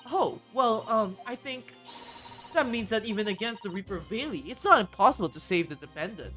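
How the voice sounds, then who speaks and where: Earnest young male defense lawyer , read by a woman, hesitant, lively pitch. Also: brisk, soft background music, lightly acted.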